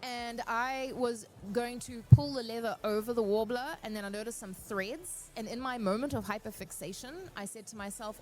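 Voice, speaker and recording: Animated, slightly high-voiced woman giving advice. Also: moderate pace, hardly any pauses. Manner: animated storyteller, earnest and encouraging. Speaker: cosplay panel speaker.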